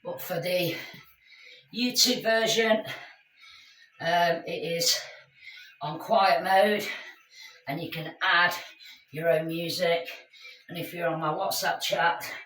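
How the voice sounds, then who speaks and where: A woman's voice: sits low, fairly even intonation, slow, long pauses, fairly bright tone, a little hiss or hum. A woman leading a live workout class, chatty and encouraging as she calls out exercises to her group. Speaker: fitness instructor. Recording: echoey room, mic at a distance.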